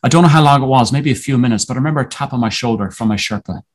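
Earnest man telling a personal story. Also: medium pitch. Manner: earnest, halting, with frequent restarts and slowdowns. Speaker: podcast guest.

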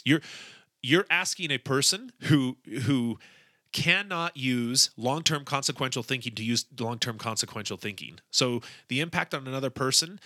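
A man co-hosting a podcast in casual chat, talking loosely with restarts and acting out quotes in an animated way. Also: mid-range voice, dry recording. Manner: animated storyteller, acts out quotes, laughs often; informal, many restarts and fillers. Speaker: podcast co-host.

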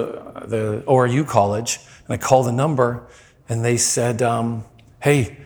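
A middle-aged man preaching a storytelling sermon in a conversational way, acting out the voices in his story. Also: mid-range voice.

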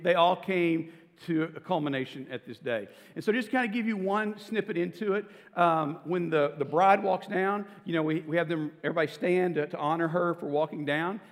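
A middle-aged man, a pastor, giving a casual, self-deprecating sermon with stories to a congregation. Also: high-pitched. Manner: conversational, self-deprecating storytelling. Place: church auditorium. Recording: long reverb of a large hall.

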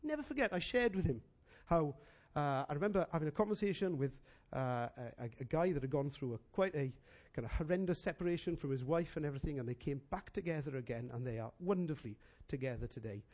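Animated preaching man, lively high voice. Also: fast talker. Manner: animated, preacherly emphasis with anecdotes. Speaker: pastor. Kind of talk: sermon.

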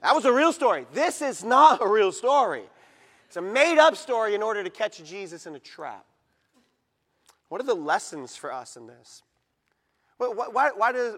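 Emphatic high-voiced male pastor preaching. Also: long reverb tail. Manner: emphatic, rises to loud peaks when reading scripture. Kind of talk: sermon. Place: church sanctuary.

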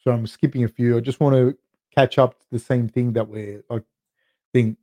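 An Australian man in his thirties hosts a podcast, answering live chat questions in a loose, chatty Q&A full of swearing and "dude". His mid-range voice is warm and steady at a moderate pace, with no echo on the recording.

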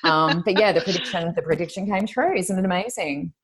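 This Australian woman has a low voice and talks in a chatty storytelling way. She slips into the voices of the people she quotes. It sounds like a video call. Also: fairly quick, husky. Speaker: intuitive reader guest. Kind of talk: casual storytelling.

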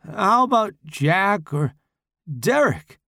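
A harried, hurting horror writer, as a male narrator plays him, talking in a tense, slightly raised voice. His pitch moves around a lot, with a gravelly edge underneath. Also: sing-song, takes it slowly, sharp tone, dry recording, clean studio sound, heavily acted.

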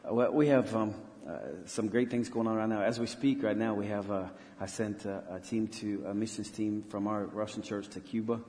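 Being interviewed in a large church hall whose long reverb trails his words, a missionary pastor recounts a story earnestly. He speaks in a lowish, mellow voice with little change in pitch, stopping and starting over repeatedly.

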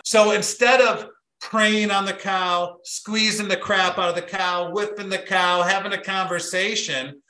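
A man's voice: high voice, measured pace, hardly any pauses, reverberant, low-quality recording. A middle-aged man giving a motivational business talk as guest speaker, telling stories and acting out the quotes in them. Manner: animated storyteller, acts out quotes.

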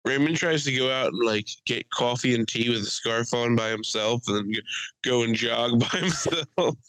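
A man co-hosting a loose podcast conversation, his voice bright and forward. He jokes, swears freely and teases his friend. The sound is dry and close to the mic. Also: medium pitch, normal speed, no echo, rough recording. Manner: joking, profane, mocking put-on voices. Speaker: podcast co-host. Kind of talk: casual chat.

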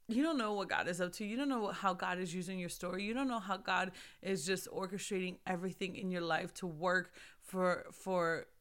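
A woman's voice: mid-range voice, fairly bright tone. A young woman hosting a faith podcast, talking earnestly and urging her listeners to keep going. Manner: earnest, preachy, urges the listener. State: recovering from losing her voice. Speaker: podcast host. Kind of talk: faith encouragement talk.

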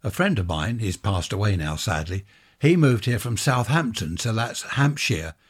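An older man from England hosts his show alone, talking in a loose, wandering way and chuckling as he goes. His voice sits low with a husky, slightly rough edge. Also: sing-song, moderate pace. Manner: chatty, wandering, with chuckling asides. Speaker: podcast host. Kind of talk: rambling casual monologue.

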